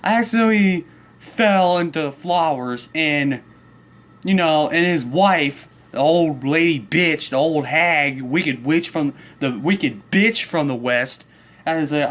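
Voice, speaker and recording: A man's voice: a little high, takes it slowly, fairly bright tone. A man telling a story in a comedic angry rant, profane and worked up, rambling along with restarts. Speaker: vlogger.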